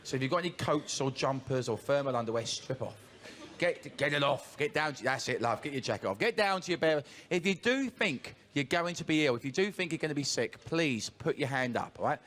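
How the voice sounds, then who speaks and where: A man warming up a TV studio audience with cheeky, teasing jokes. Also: mid-range voice, a little fast. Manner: cheeky, joking, lively and teasing. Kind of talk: audience warm-up patter. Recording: noisy studio crowd. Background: studio audience laughing and cheering.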